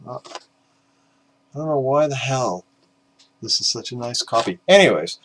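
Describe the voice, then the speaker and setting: A tired middle-aged man, up at five in the morning and worn out, shows off records for his vinyl collecting video. His mid-range, fairly bright voice has lively intonation and runs a little slow as he rambles self-deprecatingly, full of "uh"s.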